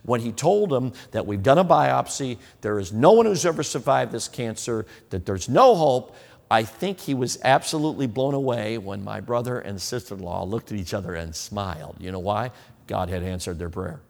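A man's voice: lowish voice, animated, normal speed, creaky, a little mellow, in a large hall. A man preaching a sermon, acting out the questions of imagined listeners as he goes.

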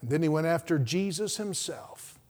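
A man preaching a sermon as pastor, swinging from hushed, quiet passages to loud, climbing peaks. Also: on the high side, expressive, moderate pace. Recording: long hall reverb.

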